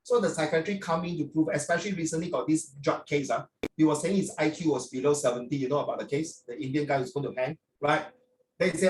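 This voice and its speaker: An older man with a Singaporean accent lectures his class, chatty and preachy, and his speech is full of local particles. His voice sits a little high for a man. He sounds set back from the mic in a roomy, echoey space. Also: fast talker. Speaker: teacher. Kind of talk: classroom talk to students. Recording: roomy echo, from far off.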